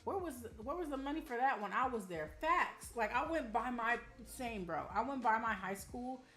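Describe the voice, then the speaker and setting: Young woman chatting with her stream chat, animated, says y'all a lot, echoey room. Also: a little high, fairly quick. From Arizona. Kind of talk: casual live-stream chat. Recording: roomy room with faint music.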